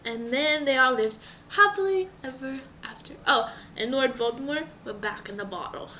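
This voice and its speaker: A woman improvising a story in an animated way, often dropping into breathy whispers. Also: high voice, moderate pace, slight background noise, low-quality recording.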